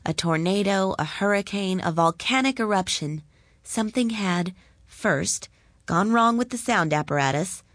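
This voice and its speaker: A woman reads a story aloud in a calm, deliberate voice, taking her time over every line. Her pitch sits slightly low and the recording is close and dry. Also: dry recording. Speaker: narrator.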